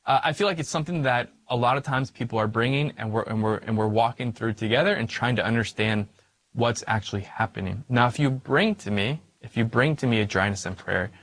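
A priest with a medium-pitched, fairly bright voice teaches about prayer at a fairly quick pace, with no echo. His spiritual talk is conversational, full of "like" and "right?" fillers and questions to the listener.

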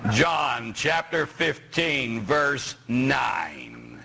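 A middle-aged man from Pittsburgh, a parish priest preaching a sermon, animated and joking as he quizzes his congregation. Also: mid-range voice, slow, creaky, slight background noise. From Pittsburgh, USA.

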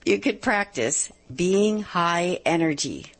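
A middle-aged woman hosting a live advice radio show, upbeat and emphatic, slowing down to stress key points. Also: on the low side, animated, breathy edge. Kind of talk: live call-in radio talk.

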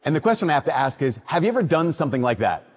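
Priest preaching in a reverberant church. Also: male voice, on the high side, rapid-fire. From Minnesota. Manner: conversational storytelling with lively quoted voices. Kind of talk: sermon.

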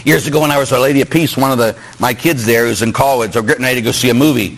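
A middle-aged Catholic priest from Pittsburgh preaching a sermon, joking and asking the congregation questions. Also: male voice, mid-range voice, very fast, poor audio.

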